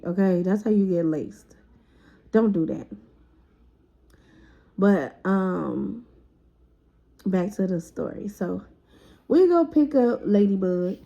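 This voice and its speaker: A woman's voice: mid-range voice, highs cut off. Casual woman telling a story. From Chicago. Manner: lively, profane, acts out others' lines in voices. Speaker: storyteller vlogger.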